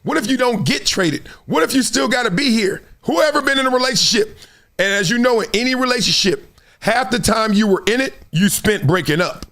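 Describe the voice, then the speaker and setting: A middle-aged man hosting solo sports commentary, animated and fond of acting out quotes in other voices. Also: extremely high pitch, brisk.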